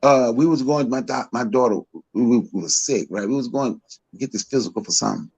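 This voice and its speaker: A man, co-hosting a podcast and giving his opinions emphatically, repeating himself and climbing higher as he gets worked up. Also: brisk, gravelly, a little mellow, slightly rough. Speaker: podcast co-host. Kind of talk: heated opinion talk.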